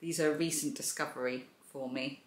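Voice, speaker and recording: A woman's voice: sits low, fairly even intonation, a little fast. Chatty woman, echoey room. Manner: chatty and enthusiastic, gushing about yarn. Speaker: crochet and knitting channel host. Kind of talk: casual show-and-tell vlog.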